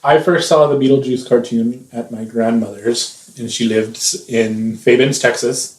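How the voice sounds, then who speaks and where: A man's voice: mid-range voice, steady tone, measured pace, darkish tone, far from the mic. A man in his thirties, co-hosting a podcast in casual chat, sarcastic and teasing, swearing freely. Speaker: podcast co-host. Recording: roomy echo.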